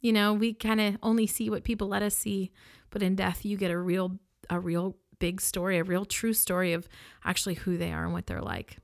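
A woman's voice: mid-range voice, little pitch movement, fairly quick, vocal fry, no room sound, clean studio sound. A woman who works as an embalmer, earnestly recounting a personal experience in a reflective way with fillers and restarts. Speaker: embalmer and show host. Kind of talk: personal storytelling to camera.

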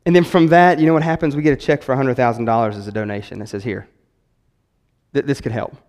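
Animated pastor in a reverberant hall. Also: male voice, medium pitch, rapid-fire. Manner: animated, repeats words, acts out quotes. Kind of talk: sermon. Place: church sanctuary.

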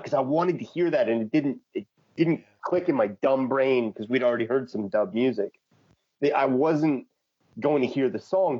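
A man talks as a guest on a podcast in a relaxed, joking way, poking fun at himself. His voice is a little husky, and the recording sounds somewhat dull and lo-fi. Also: medium pitch. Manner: joking, relaxed, self-deprecating. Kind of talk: casual podcast chat.

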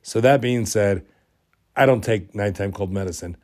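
Still recovering from a cold, this podcast host speaks at normal speed in a fairly low, darkish voice. His story wanders along in an amused, casual way, with plenty of self-deprecation.

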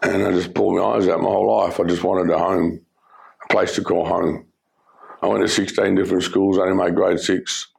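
This is a former criminal, a middle-aged Australian man, giving his life story as testimony. His voice is deep and gravelly, his tone level and flat, and his sincere delivery stumbles along with many fillers.

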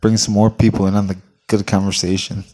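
Low-voiced, easygoing podcast co-host man. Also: level tone, warm tone. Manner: easygoing, lots of quick agreement. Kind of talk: casual podcast chat.

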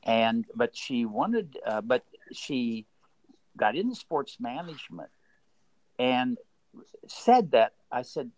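An older man who once worked as a baseball executive tells stories earnestly in an interview, frequently repeating and restarting words. His mid-range voice swings widely in pitch, moves slowly, and sounds somewhat dark. The recording is rough.

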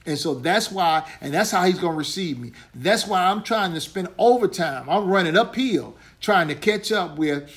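Male pastor, sermon delivery, casual and conversational, slightly higher-pitched, repeats lines, frequent restarts. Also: lively intonation, normal speed, few pauses, fairly bright tone. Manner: conversational preacher, repeats points, stammering restarts.

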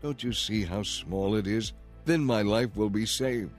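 A man's voice: fairly low pitch, unhurried, faint music behind, natural voice. A man voicing Lot as an anxious man who begs and pleads urgently in a storybook reading. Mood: begging. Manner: begging, urgent.

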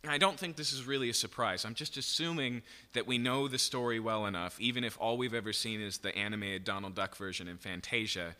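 A man's voice: fairly low pitch, steady tone, a little fast, hardly any pauses, bright, forceful tone. A man teaching through a Bible passage in sermon style, explaining step by step and often checking in with "okay?". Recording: long hall reverb.

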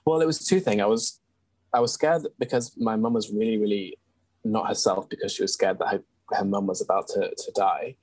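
A man's voice: on the low side, fairly even intonation, fairly quick, darkish tone, no room sound, low-quality recording. A young man, telling a personal story as an interview guest in an earnest, candid way. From England. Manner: earnest, candid, with frequent ums and restarts.

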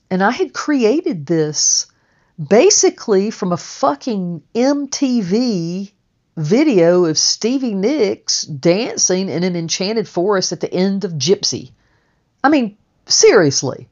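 Low, unhurried middle-aged woman storyteller. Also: dull audio. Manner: candid, salty, animated storytelling with swearing. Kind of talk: personal storytelling.

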